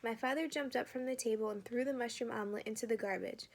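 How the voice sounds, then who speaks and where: A woman reads a children's chapter book aloud, the way a teacher shares a story with a class. Her narration is steady and clear, and her voice sits a bit high. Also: quick pace.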